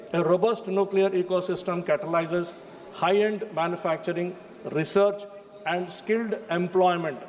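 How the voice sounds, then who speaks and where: A man's voice: high-pitched, darkish tone. A man with an Indian English accent giving a formal parliamentary speech, often addressing the chair as sir. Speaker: member of parliament. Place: parliament chamber. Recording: faint hall reverb, light noise.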